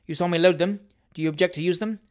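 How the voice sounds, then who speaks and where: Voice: mid-range voice, quick pace, a little mellow, natural voice. A reader playing a cool, detached officer. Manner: crisp and detached. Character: cool, indifferent military officer. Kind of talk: audiobook reading of a classic novel.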